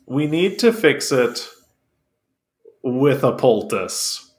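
A man trading jokes in a relaxed comedy chat, delivering his lines dryly and wryly. His voice sits at a plain middle pitch. A noticeable echo from the room surrounds him. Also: extremely slow. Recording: echoey room.

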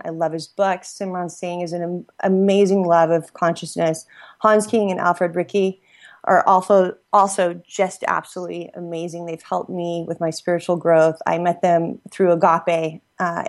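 A woman with a slightly low voice hosts her podcast. She rattles off heartfelt thanks, restarting sentences and laughing often in a casual, effusive way. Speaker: podcast host. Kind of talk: casual gratitude shout-outs. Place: Los Angeles.

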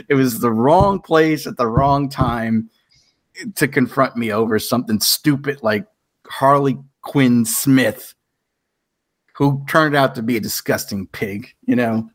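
A man's voice: mid-range voice, normal speed, no echo, clean studio sound. A man hosting a podcast in casual chat, telling long rambling stories and acting out quoted back-and-forths. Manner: rambling storyteller who acts out quoted exchanges. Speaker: podcast host.

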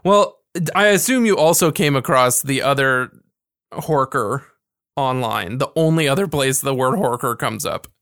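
Male podcast co-host, middle pitch, loose jokey chat, dry booth. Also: moderate pace, a bit bright, clear, resonant tone, no room sound. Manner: laughs often, loose and joking. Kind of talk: casual chat.

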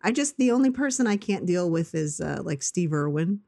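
A woman's voice: on the low side, expressive, normal speed, creaky, mellow. A woman with an American accent co-hosting a podcast, chatty and rambling with frequent laughs. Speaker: podcast co-host. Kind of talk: casual podcast chat.

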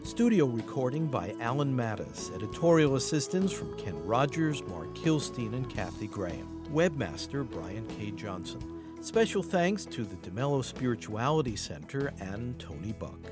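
A man's voice: medium pitch, sing-song. A man hosting a public radio program and reading its credits. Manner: measured announcer reading. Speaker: radio host. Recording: music under the voice.

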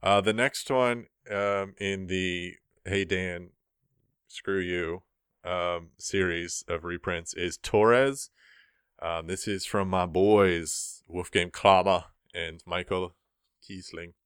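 Young male podcast host, very low smooth voice, dry close mic, laid-back board game news. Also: slow pace, no echo. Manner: relaxed, rambling, many ums. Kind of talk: casual podcast chat.

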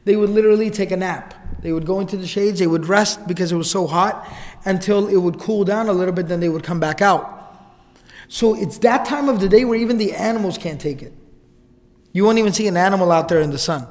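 A man with a high voice tells a story as a casual, chatty lecturer. His speech rings with the long reverb of a hall. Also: fairly quick. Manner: casual, conversational retelling with asides. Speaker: religious lecturer.

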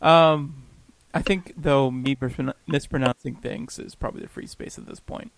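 Gravelly laughing podcast co-host man. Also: medium pitch, normal speed, dry recording. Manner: laughs often, self-deprecating. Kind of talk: casual chat.

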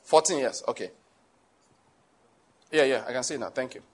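A male preacher, delivering a lively sermon and asking his congregation questions. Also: mid-range voice, moderate pace, breathy edge. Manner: animated, rises to shouts, asks the congregation questions.

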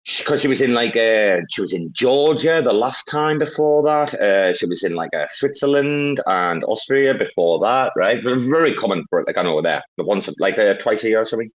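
A man from Northeast England with a Northeast English accent, telling loud, sweary stories in a casual chat. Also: fairly low pitch, animated, fairly quick, few pauses, dull audio.

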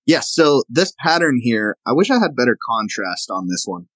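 A man's voice: mid-range voice, very animated, moderate pace, fairly bright tone, no room sound, poor audio. A man from the American South, a knife maker guest, explaining and showing his work in a casual interview. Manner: explanatory, demonstrating objects as he talks.

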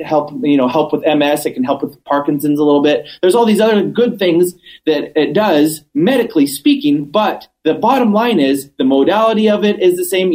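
A cannabis business owner appears as a guest in a casual interview chat, speaking in an animated, fairly high voice. He tells stories vividly, acting out quotes and emphatically repeating his points, on a low-quality recording.

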